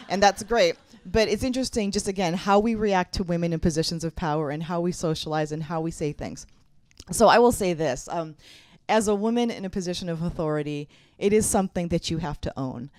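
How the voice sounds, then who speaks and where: A woman's voice: fairly low pitch, a little mellow, no room sound, clean studio sound. A middle-aged woman giving a conference keynote as a mayor, speaking candidly and directly as she gives advice. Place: conference hall.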